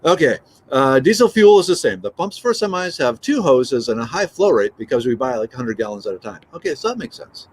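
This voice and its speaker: A man's voice: mid-range voice, sing-song, a little fast, husky. A middle-aged man chatting casually on a morning livestream, reading out comments and joking. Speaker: livestream host.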